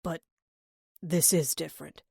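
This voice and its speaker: A gruff, weary detective murmurs blunt warnings in a low voice, as a woman narrator voices him. The recording is close and dry. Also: steady tone, measured pace, a little mellow, no room sound, heavily acted.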